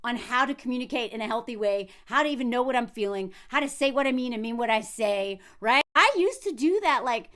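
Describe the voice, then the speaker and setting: A woman hosting a casual commentary video, talking in an animated way, laughing often and acting out what others said. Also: on the high side, brisk, few pauses. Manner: animated, frequent laughs, acts out quotes in character voices.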